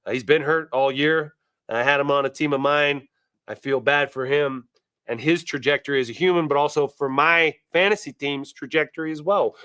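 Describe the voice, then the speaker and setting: A man hosting a casual sports show, animated and wisecracking, talking straight to his viewers. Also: on the high side, normal speed, clear, resonant tone, dry recording, clean studio sound.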